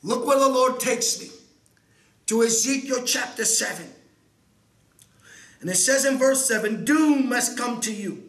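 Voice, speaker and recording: A man preaching an impassioned prophetic sermon, often shouting and repeating his phrases for emphasis. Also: very high voice, animated, unhurried, pauses often, echoey room.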